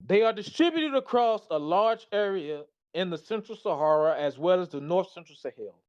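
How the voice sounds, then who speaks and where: A man's voice: high voice, lively intonation, normal speed, clean tone, muffled recording. A tired man giving a casual, slangy presentation, reading slides aloud and reacting to them. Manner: loose, slangy, talks back to the slides.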